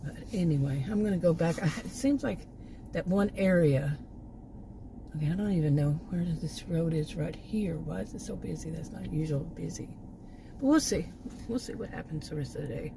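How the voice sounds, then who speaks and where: A rather low-pitched woman with a worn, hoarse voice talks casually from behind the wheel, wandering between thoughts and laughing under her breath. Loud road and engine noise runs beneath her voice. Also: animated, moderate pace. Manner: meandering, frequent restarts and soft laughs. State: voice worn out, hiccups. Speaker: vlogger doing food deliveries. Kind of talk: rambling casual chat while driving. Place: inside a car on the road.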